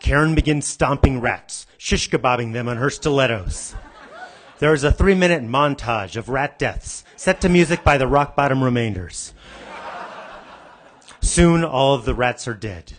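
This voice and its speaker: A man emceeing an awards ceremony, reading a comic screenplay-style scene in a deadpan way to a banquet crowd. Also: mid-range voice, unhurried. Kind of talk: comic scripted reading to a live audience. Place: banquet hall stage.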